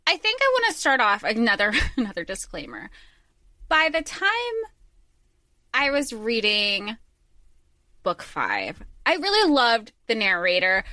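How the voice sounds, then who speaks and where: A woman's voice: a little high, sharp tone, no room sound. A woman co-hosting a podcast, rambling enthusiastically in casual chat and often correcting herself. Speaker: podcast co-host.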